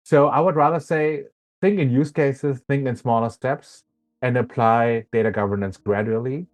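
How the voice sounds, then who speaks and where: A man with a German accent, a guest in a casual interview, speaking thoughtfully with frequent pauses and fillers. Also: medium pitch.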